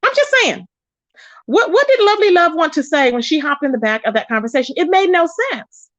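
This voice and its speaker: A high-voiced woman hosts a casual gossip livestream, chatty and animated as she greets viewers by name. Her voice sounds dull and lo-fi in a dry, close space. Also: quick pace, no echo. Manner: animated, pitch jumps up when excited. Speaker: live-stream gossip host. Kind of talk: casual live-stream chat.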